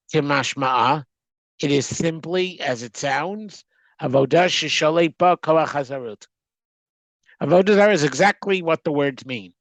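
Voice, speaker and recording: A man teaching a text study class, reading aloud and translating line by line, often halting and restarting words as he goes. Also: a little high, no room sound, poor audio. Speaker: Torah teacher.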